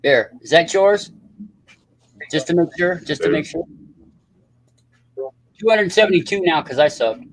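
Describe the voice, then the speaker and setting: Male livestream host, slightly high voice, loose profane rambling chat. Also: lively intonation, unhurried, pauses often, dry recording.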